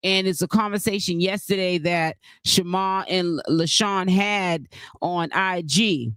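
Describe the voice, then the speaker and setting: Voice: mid-range voice, slow, a bit bright, clear, resonant tone, no echo. Chatty live-stream host with a dry sound. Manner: chatty, greets viewers from the chat between points; rambling, with many fillers and restarts. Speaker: YouTube commentary host. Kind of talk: casual live-stream commentary.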